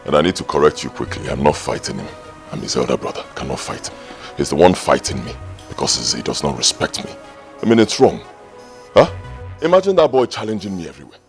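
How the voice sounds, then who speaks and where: An actor playing a proud, aggrieved elder brother with a Nigerian accent, indignant and defensive. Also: male voice, rumbling low, big pitch swings, full character voice. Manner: indignant, defensive, rapid bursts. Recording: distant mic, soft music behind.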